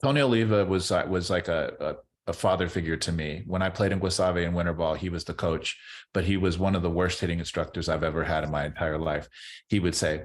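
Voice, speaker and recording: A man's voice: low voice, fairly even intonation, fast. A middle-aged man, a former ballplayer, chatting loosely as a podcast guest, rambling and repeating words as he restarts his sentences. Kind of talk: casual interview chat.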